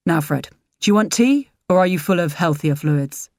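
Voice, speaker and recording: A woman's voice: lowish voice, animated, moderate pace, a little mellow, no room sound, clean studio sound. A woman voicing a guarded young man who speaks in a firm, clipped way.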